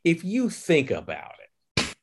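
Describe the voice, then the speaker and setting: A man co-hosting a podcast, talking casually about films in a profane, animated way and acting out quotes. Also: fairly high pitch, measured pace, a little hiss or hum. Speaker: podcast co-host. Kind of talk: casual film chat.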